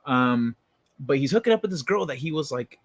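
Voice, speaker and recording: A man's voice: medium pitch, animated, brisk, dry recording. A man live-streaming, chatting casually with viewers and telling stories in a rambling, profane way.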